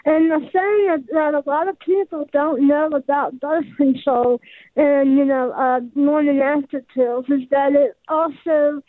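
A woman's voice: high-pitched, fairly even intonation, a little slow, no room sound. A woman calling in to a radio show, speaking hesitantly with many fillers. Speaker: caller. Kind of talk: phone call to a radio show. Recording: tinny phone line.

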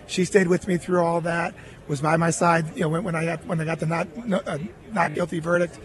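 A middle-aged man who used to be a baseball catcher appears as a guest on a radio interview. His voice is fairly high and steady, a little fast, as he earnestly tells a personal story and quotes others in his own voice.

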